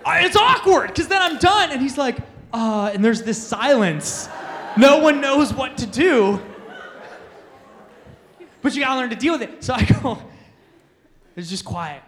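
A man speaking at a youth conference in a notably high-pitched voice. He tells self-deprecating stories with lots of energy and laughs through the funny parts. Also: big pitch swings, measured pace, pauses often, fairly bright tone, big-room sound. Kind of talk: storytelling talk to teens.

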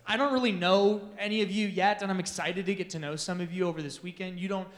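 Guy with a pretty high voice telling goofy embarrassing stories to teens at a youth event, super animated, laughs a lot. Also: fast talker, in a large hall. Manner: animated, self-deprecating, laughs through his stories. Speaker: youth conference speaker. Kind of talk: storytelling talk to teens.

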